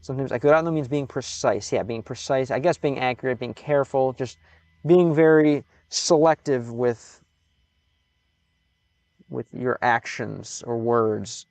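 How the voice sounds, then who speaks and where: An American man streaming live in casual commentary, halting and repeating words as he slowly sounds out foreign phrases. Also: medium pitch, darkish tone, dry recording. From United States.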